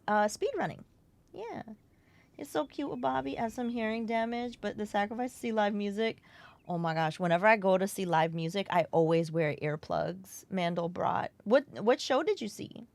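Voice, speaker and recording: A woman streamer in casual live-stream chat, relaxed, affectionate and chatty. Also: mid-range voice, gravelly, no echo.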